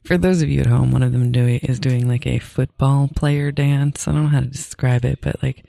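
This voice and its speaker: A woman co-host speaks in a notably low voice with a gravelly, fry-laden edge. Her humor is wry and deadpan in casual chat. The recording is close and dry. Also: normal speed, no room sound. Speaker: podcast co-host.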